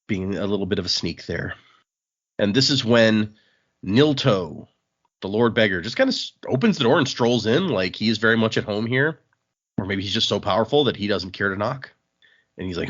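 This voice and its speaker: Podcast co-host, male, husky, animated recap delivery, lo-fi sound. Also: fairly low pitch. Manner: animated storytelling, acting out characters' lines. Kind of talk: casual chat. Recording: dull lo-fi podcast audio.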